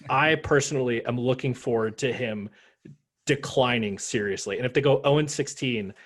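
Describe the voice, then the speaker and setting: A man co-hosting a casual sports podcast, ranting with animated, profane jokes. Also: mid-range voice, moderate pace. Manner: animated, profane, joking rants. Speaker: podcast co-host.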